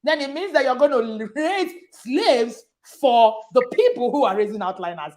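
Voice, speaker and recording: A woman's voice: on the high side, lively intonation, moderate pace, darkish tone. A woman, hosting a live parenting session, emphatic and repeating slogans with frequent laughs. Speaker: parenting coach and host. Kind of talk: live online session chat.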